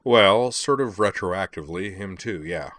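Breezy offhand fixer, read by a man, low voice, dry sound. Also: lively intonation, measured pace, fairly bright tone, no room sound. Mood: airy. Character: young man, airy and nonchalant fixer.

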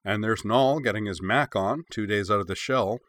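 A man's voice: lowish voice, moderate pace, a bit bright, no room sound, clean studio sound, close to an everyday voice. A man reading aloud, voicing a teasing young father.

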